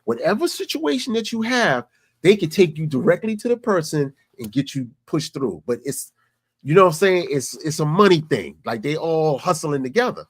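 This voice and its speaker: A man's voice: fairly high pitch, very animated, moderate pace, dry recording. Man telling stories in a dry, close voice. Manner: conversational, repeats "you know what I'm saying". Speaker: vlogger. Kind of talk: casual storytelling.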